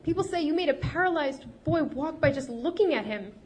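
A woman's voice: high voice, animated, brisk, darkish tone, pitched above the performer's own voice. A woman voicing a wealthy, plump, graying man who pleads and sobs in desperation. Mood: pleading. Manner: pleading, sobbing outbursts.

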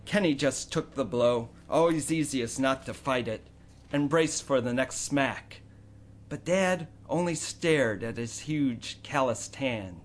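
A man narrating a storybook in an expressive storytelling manner. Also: mid-range voice, takes it slowly. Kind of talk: scripted audiobook narration.

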